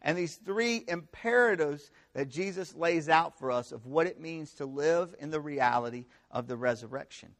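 A young man preaching a conversational sermon to students, with animated storytelling and frequent rhetorical check-ins. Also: a little high, normal speed, hardly any pauses. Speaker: campus pastor.

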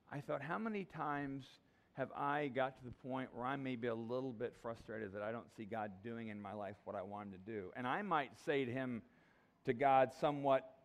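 A middle-aged pastor with a medium-pitched voice preaches a conversational sermon. He often restarts sentences and acts out the voices of the people in the story.

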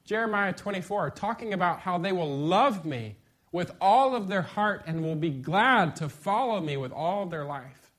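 A middle-aged man preaching a sermon as pastor, lively and conversational, with sudden bursts of emphasis. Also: high voice, moderate pace.

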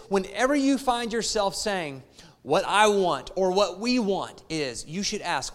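A man's voice: on the high side, in a large hall. A man preaching a sermon as pastor, repeating phrases and asking the congregation rhetorical questions. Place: church.

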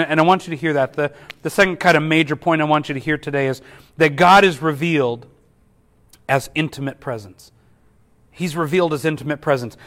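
A man preaching a sermon as a pastor, earnest, often repeating words as he restarts. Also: a little high. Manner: earnest, repeats words at restarts, drops softly for quoted whispers.

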